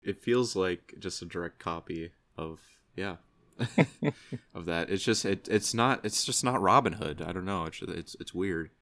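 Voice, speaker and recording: A low-voiced man talks through a film in casual podcast chat, rambling and unsure of himself. His speech keeps trailing off and circling back. The recording is dry and close, with no room sound. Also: measured pace, fairly bright tone, no echo. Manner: hesitant, rambling, many "I don't know"s. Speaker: podcast co-host. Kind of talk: casual movie review chat.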